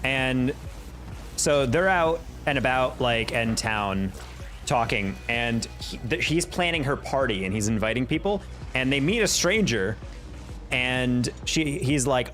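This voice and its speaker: Over faint background music, a young male streamer chats with viewers as he plays, telling stories and laughing frequently. He speaks unhurriedly in a mid-range, somewhat bright voice with lively intonation.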